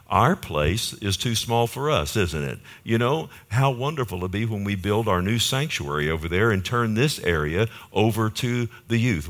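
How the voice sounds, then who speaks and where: Man, pastor, church sermon, fairly low voice, chatty preaching, rhetorical questions. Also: a bit bright.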